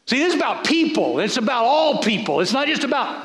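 A man's voice: very high-pitched, big pitch swings, a little fast, fairly bright tone, reverberant. A man, a bishop, preaching a folksy sermon, repeating words as he builds.

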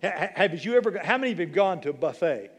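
A man's voice: sits high, very animated, rapid-fire, husky, big-room sound. A man in his sixties preaching a sermon as pastor, emphatic, with repeated phrases and rhetorical questions to the congregation. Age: 60s. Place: church sanctuary.

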